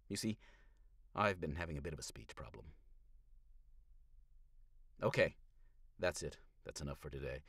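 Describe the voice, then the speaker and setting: A man narrating an audiobook in first person, sardonic, swinging from hushed asides to loud outbursts, in a small hot booth. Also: sits low, no echo, clean studio sound. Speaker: audiobook narrator streaming a reading.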